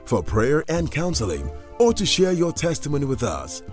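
A man reading a scripted church radio announcement in a measured way. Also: on the high side, wildly swooping pitch, soft background music. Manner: measured, reads out details slowly.

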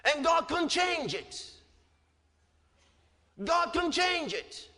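Man, preacher, sermon, slow deliberate delivery, bright voice, shouts and low refrains. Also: big pitch swings. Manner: emphatic, rising to shouts, dropping low on refrains. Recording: long hall reverb.

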